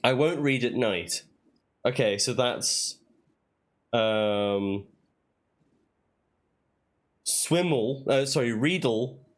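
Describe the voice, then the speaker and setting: A man's voice: medium pitch, very slow, long pauses. A man streaming a puzzle game, thinking aloud and sounding out made-up words in a casual way. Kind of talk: casual let's-play commentary.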